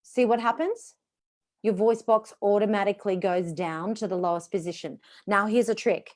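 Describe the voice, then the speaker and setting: A woman's voice: mid-range voice, moderate pace, a little mellow. Chatty woman voice coach teaching exercises. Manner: instructive, demonstrating vocal exercises; chatty and encouraging. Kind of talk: live online voice workshop.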